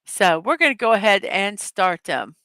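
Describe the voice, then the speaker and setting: A woman hosting a daily morning show in a casual, upbeat, chatty way, reading puzzle words slowly one at a time and greeting her viewers. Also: mid-range voice, sing-song, a bit bright, no echo. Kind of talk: casual livestream chat, reading puzzle words and memes aloud.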